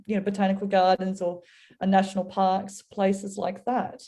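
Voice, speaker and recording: Woman guest, warm mellow tone, earnest storyteller sharing a reflection on faith. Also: medium pitch, monotone, normal speed. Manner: earnest, storytelling, acts out voices. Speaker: guest speaker.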